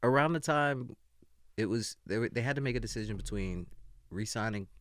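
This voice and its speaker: A man co-hosting a casual podcast chat, telling stories in an animated way. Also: medium pitch, brisk, dry recording, studio quality. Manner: animated storyteller. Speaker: podcast co-host.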